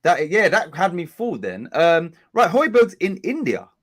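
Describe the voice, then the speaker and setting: A man's voice: high voice, sing-song, a little slow, fairly bright tone. A man hosting a football watch-along stream, talking in a rambling, chatty way and often correcting himself. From England. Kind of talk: casual live-stream chat.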